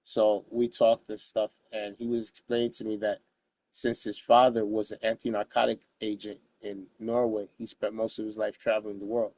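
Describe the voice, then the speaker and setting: A man's voice: lowish voice, level tone, normal speed, a little mellow, dry recording. A man from the United States, a guest in an interview, telling a story in a casual, streetwise, profane way, full of "you know what I mean" asides.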